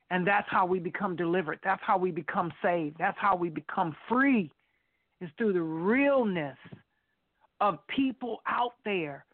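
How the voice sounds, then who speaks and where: A woman's voice: medium pitch, no echo. A woman co-hosting a faith talk radio show, speaking emphatically and passionately in a casual, preachy way. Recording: tinny phone line.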